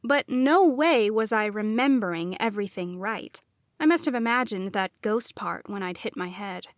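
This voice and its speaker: A woman reading a first-person novel as audiobook narrator, in a measured, expressive delivery. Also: medium pitch, no echo, studio quality.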